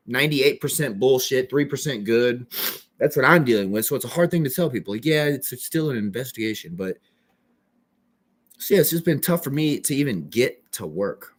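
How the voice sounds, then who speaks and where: A young man talking casually about his own life, his voice sitting at an ordinary middle pitch. He rambles and restarts, losing the thread and trailing off. It is a loose, restless monologue. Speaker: person telling his own story.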